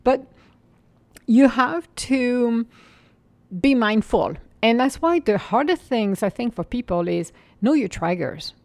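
Calm gravelly woman, dry close voice. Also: a little high, slow pace, no room sound. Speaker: mindfulness speaker. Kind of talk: reflective spiritual monologue.

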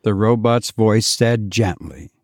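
A man narrating a short story in slow, measured tones as the host of a podcast. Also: lowish voice, no echo, studio quality.

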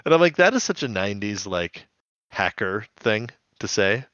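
Low-voiced male podcast co-host, chatty recap tone, dull lo-fi mic. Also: very animated, a bit bright, dry recording. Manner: chatty, recounts scenes with quick quoted voices. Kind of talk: casual recap chat.

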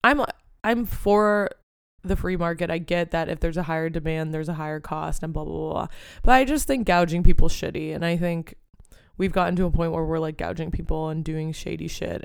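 Young woman podcast host, smooth voice with lots of vocal fry, swears a lot, rambles, dry close sound. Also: fairly low pitch, darkish tone, no room sound. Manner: ranting, profane, rambling with many fillers. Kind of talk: casual solo podcast chat.

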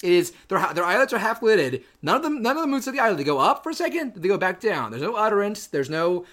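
A man co-hosting a casual review chat, quick and playful, acting out scenes he describes. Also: high-pitched, very animated, a bit bright. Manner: quick, reenacts scenes in quoted voices. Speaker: co-host reviewing a film.

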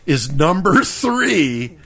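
A man's voice: on the high side, sing-song, very slow, vocal fry, crowd noise. A middle-aged man co-hosting a podcast, telling a story in casual, profane chat and laughing often. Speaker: podcast co-host.

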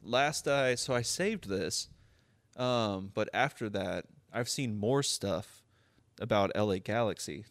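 A man's voice: on the low side, slow pace, no echo. Young man, podcast co-host, casual sports talk, laughs and swears a lot, dry close sound. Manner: laughs often, swears, rises to incredulous outbursts.

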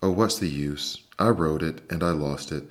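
A man's voice: rumbling low, moderate pace. Man voicing a guilty little mouse. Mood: miserable. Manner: hesitant, apologetic. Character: young male mouse, guilty and ashamed.

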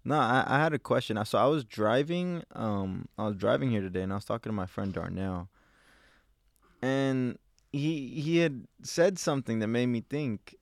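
A man's voice: medium pitch, creaky, no room sound, clean studio sound. A man co-hosting a podcast in casual chat, teasing his friends and throwing out questions. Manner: teasing, quick banter and questions. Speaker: podcast co-host.

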